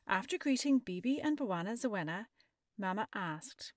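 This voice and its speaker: A woman reading a children's picture book aloud as a storyteller, expressive and stopping to ask the listener maths questions. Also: medium pitch, normal speed, no room sound, clean studio sound.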